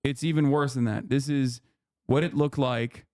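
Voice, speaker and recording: A man's voice: medium pitch, fairly even intonation, moderate pace, darkish tone. A man hosting a live stream, giving heated, casual political commentary with frequent swearing and emphatic outbursts. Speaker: streamer host.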